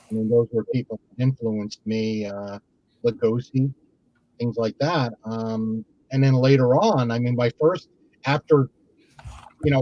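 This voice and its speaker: A man's voice: no echo, muffled recording. A man in a casual video-call chat, telling a long story and acting out other people's words in a livelier voice. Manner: animated, acts out quoted people in higher voices. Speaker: guest magician.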